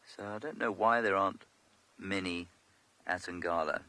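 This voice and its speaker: A man's voice: low voice, unhurried, sharp tone. A man guiding a live game drive from a vehicle in the bush, explaining wildlife with dry humor. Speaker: safari guide. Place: open vehicle outdoors in the bush.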